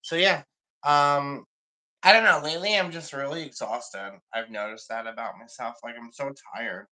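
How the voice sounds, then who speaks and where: A man's voice: medium pitch, moderate pace, bright, forceful tone, rough recording. A man chatting casually on a livestream, rambling and confiding in an emotional way.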